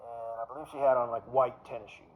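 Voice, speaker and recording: A man's voice: mid-range voice, flat delivery, fast talker. Rambling, crude-talking man on lo-fi audio. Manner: crude, meandering, full of fillers and trailing mumbles. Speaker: vlogger. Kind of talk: rambling personal monologue. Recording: dull lo-fi recording.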